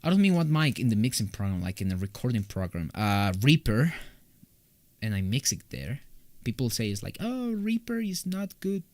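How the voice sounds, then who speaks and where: A man's voice: lowish voice, sing-song, moderate pace, a little mellow, dry recording. A young man from Colombia chatting casually with his live-stream audience from his home recording room, rambling and joking with loose restarts. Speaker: streamer answering chat.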